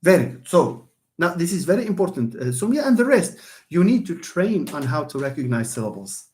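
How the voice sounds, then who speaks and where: Man, Moroccan accent, English teacher, lively pitch, repeats himself, calls on students. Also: brisk. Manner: switches between English and Darija, repeats key points; animated, calls on students by name. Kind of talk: online classroom lesson.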